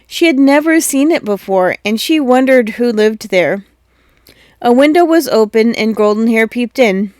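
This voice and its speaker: A woman reading a children's storybook aloud, gentle and measured. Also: a little high, expressive, no echo, clean studio sound.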